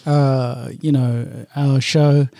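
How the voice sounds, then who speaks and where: A man hosting an interview, talking in a relaxed, hesitant, friendly way. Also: mid-range voice, extremely slow, creaky, no room sound, studio quality. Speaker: host. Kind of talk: casual interview.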